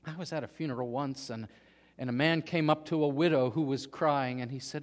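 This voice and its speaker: A man preaching a sermon, earnest, dropping to a hush and then rising to emphatic peaks. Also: mid-range voice, steady tone, a little fast. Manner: earnest, swings from hushed to emphatic. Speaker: pastor. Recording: long hall reverb.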